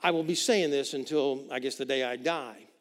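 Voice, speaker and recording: Pastor preaching in a reverberant hall. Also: male voice, mid-range voice, normal speed. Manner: preaching with sudden swings between loud and hushed. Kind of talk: sermon.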